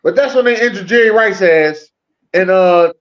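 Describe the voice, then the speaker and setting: A man in casual sports chat, excitable and profane, laughing easily. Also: sits high, moderate pace, muffled recording.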